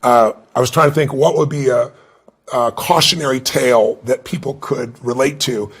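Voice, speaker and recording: Gravelly-voiced man telling animated stories. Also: medium pitch, normal speed. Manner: animated storyteller, acts out quoted voices. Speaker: guest, motivational speaker. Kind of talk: storytelling interview answer.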